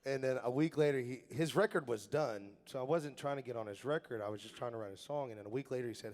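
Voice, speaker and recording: A man's voice: medium pitch, fast, hardly any pauses, darkish tone. A man, a country singer-songwriter, chatting and telling stories on stage between songs, laughing and poking fun at himself. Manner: self-deprecating, laughing, loose storytelling. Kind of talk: onstage banter and storytelling between songs. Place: theater stage at a live benefit show. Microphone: stage microphone. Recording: live theater hall echo with guitar.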